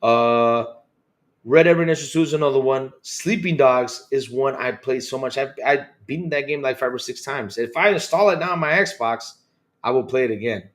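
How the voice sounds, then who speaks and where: With a mid-range voice and an even, moderate pace, the man runs a casual podcast livestream and riffs on what viewers type in chat. Expect loose talk, repeated points, plenty of swearing, and lots of laughs.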